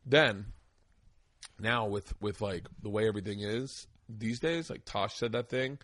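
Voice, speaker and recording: A man's voice: lowish voice, a little slow, fairly bright tone, no room sound, studio quality. A middle-aged man hosting a casual podcast chat, telling rambling, profane stories and acting out the people in them. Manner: rambling, profane storyteller, acts out quoted voices. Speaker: podcast host.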